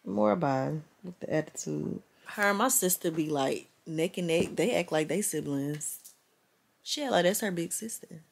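A woman's voice: on the low side, moderate pace, gravelly. A young woman hosting a casual family vlog, talking in a playful, teasing way with her kids and laughing often. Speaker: mom vlogger host.

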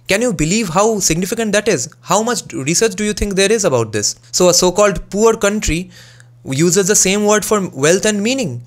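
Opinionated Bengali-accented man, slightly high voice. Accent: Bengali-accented English. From Bengal, India. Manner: opinionated, argumentative, asks rhetorical questions. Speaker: music analysis YouTuber. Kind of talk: casual commentary video.

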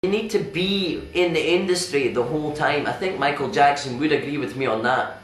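An actor playing a self-important, deluded male stand-up comedian, boastful and halting with fillers, recorded in an echoey venue. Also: on the high side, close to an everyday voice. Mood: pompous. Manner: pompous and boastful, hesitant with fillers. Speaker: interviewee in a sketch.

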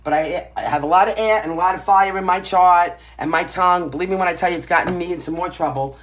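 A woman's voice: lowish voice, fast talker. A woman with a Brooklyn New York accent giving a casual tarot reading to the camera, blunt and emphatic, tagging her points with "right?" and "okay?". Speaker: tarot reader.

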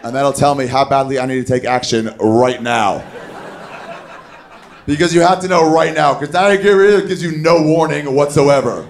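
A man doing a stand-up comedy set on a club stage, telling a story with animated, shouted put-on voices. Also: on the high side, normal speed, slight background noise. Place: comedy club stage before a live audience. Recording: live club recording with crowd. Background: audience laughter.

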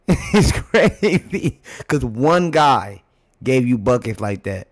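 A man's voice: medium pitch, big pitch swings, takes it slowly. A man hosting a reaction video, chatting casually and laid-back to his viewers.

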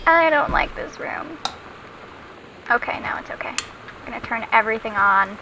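A young adult woman hosts a let's play, chatting and giggling as she plays and reading notes aloud as she finds them. Her voice is fairly high and animated, at a moderate pace, with background noise behind her.

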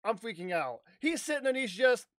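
A man with a high voice tells an animated, rambling story straight into the mic. he keeps restarting his sentences and drops the odd swear. the sound is close and dry, with no room around it. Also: fairly quick, no room sound. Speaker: YouTuber. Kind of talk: casual storytelling vlog.

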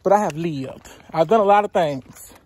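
Her voice on the low side and a little mellow, a vlogger in her twenties speaks at a moderate pace while walking on a roadside near woods. Out of breath, she chats casually and gives blunt, profane advice straight into a handheld phone camera, with a little hiss or hum in the audio.

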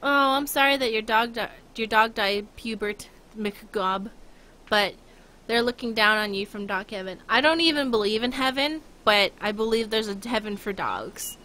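A woman's voice: a little high, moderate pace, sharp tone. A young woman streaming a game, chatting casually and rambling with giggles, talking to her chat and her dog.

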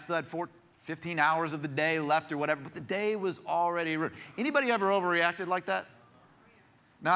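A man's voice: high-pitched, bright, forceful tone. A man, a pastor, preaching a sermon in a church, telling stories in a conversational way with frequent restarts. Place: church sanctuary.

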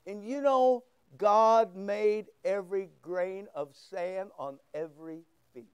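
A man's voice: sits high, slow, clear, resonant tone, no room sound, studio quality. A man preaching a sermon, fervent and emphatic, with rising bursts. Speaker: pastor.

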